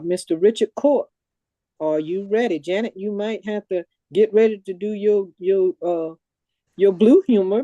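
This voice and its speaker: Chatty woman host with a mellow voice. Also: mid-range voice, no echo, lo-fi sound. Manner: chatty, meandering instructions. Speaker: host of online comedy marathon. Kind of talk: casual hosting over a video call. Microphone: video call.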